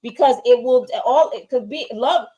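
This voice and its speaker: A woman's voice: on the high side, moderate pace, warm tone, highs cut off. A woman co-hosting a casual TV review, giving emphatic opinions and often asking "right?". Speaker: show co-host.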